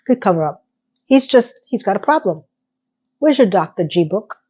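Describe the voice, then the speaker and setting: A woman's voice: medium pitch, expressive, moderate pace, darkish tone, slightly rough, highs cut off. Sassy woman recapping a TV episode. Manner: chatty and sassy, addresses viewers directly. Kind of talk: casual episode recap commentary.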